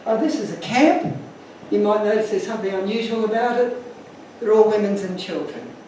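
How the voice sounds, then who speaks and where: A man's voice: high-pitched, animated, moderate pace, warm tone, a little hiss or hum. A man giving an emotional, earnest talk to an audience, telling stories with slides. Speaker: speaker. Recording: echoey room from far off.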